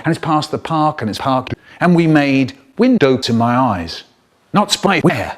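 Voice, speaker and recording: A man telling comic stories, animated and playful, with exaggerated swoops in his voice. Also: mid-range voice, unhurried. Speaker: children's storyteller. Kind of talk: comic storytelling, spliced edit.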